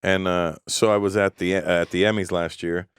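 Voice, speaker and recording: A man guesting on a talk show, chatting casually and telling profane, animated anecdotes. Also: low voice, a little fast, smooth, no room sound, studio quality. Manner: profane, storytelling, lively delivery. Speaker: comedian guest. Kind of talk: casual podcast chat.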